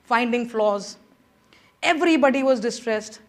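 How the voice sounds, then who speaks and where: A middle-aged woman speaks to a conference audience in a high, bright voice. She delivers a motivational speech with animated energy, coaxing her listeners again and again to join in. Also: unhurried. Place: conference room.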